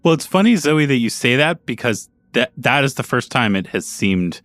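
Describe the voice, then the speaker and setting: A man's voice: medium pitch, animated, moderate pace, a bit bright, no room sound. A man playing a tabletop game, thoughtfully explaining a theory to the others. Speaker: player.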